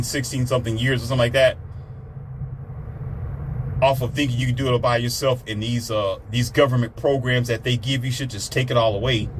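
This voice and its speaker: Heated man, preachy ranting monologue, mid pitch, faint background noise. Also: a bit bright. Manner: heated, preachy, swears, mimics others in raised voice. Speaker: commentator.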